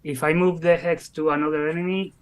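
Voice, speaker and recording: A man's voice: a little high, level tone, a little fast, clear, resonant tone. A man playing a tabletop game, asking casual, unsure questions about his moves. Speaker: player.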